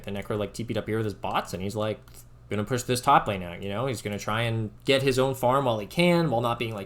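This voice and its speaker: A man's voice: mid-range voice, fairly bright tone. A young man casually commenting on his own game footage as a coach, rambling and filling his talk with "like.". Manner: rambling, filler-heavy, says "like" constantly. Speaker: Dota coach analyzing his own gameplay.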